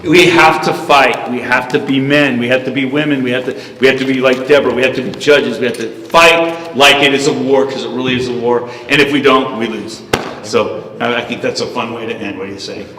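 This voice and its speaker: A man's voice: mid-range voice, brisk, distant mic, a little hiss or hum. Man preaching to a crowd in an echoey hall. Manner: animated storyteller, preachy. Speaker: speaker. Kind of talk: storytelling speech.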